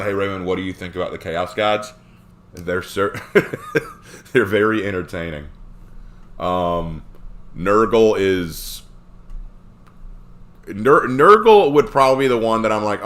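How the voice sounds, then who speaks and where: Reading out and responding to chat questions during a live stream, a man with a lowish voice talks in an animated, rambling way, full of frequent fillers.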